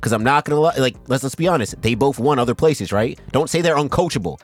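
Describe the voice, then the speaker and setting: A man's voice: mid-range voice, lively intonation, quick pace. Emphatic, profane male podcast host. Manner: emphatic, profane, keeps asking "right?". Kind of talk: heated sports podcast rant.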